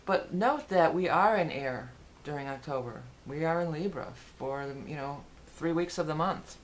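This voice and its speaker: A woman's voice: deep voice, normal speed, slight background noise. A woman giving a casual, rambling tarot forecast, with frequent fillers and restarts. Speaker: tarot reader.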